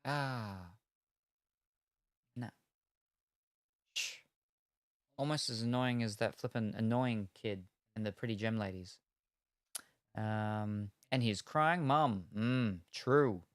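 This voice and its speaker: A man's voice: on the low side, slow pace, long pauses, no echo. Rambling, chatty man on a dry close mic. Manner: rambling, meandering retelling with many hedges. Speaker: card-opening streamer. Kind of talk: casual chat while opening cards.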